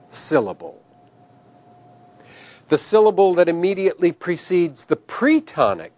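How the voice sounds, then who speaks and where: A male teacher lecturing in a slow, unhurried way, his pitch rising and falling a lot as he stresses each term. He sounds careful and methodical, walking students through a recorded grammar lesson. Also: a little mellow. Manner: slow and deliberate, careful pronunciation of terms.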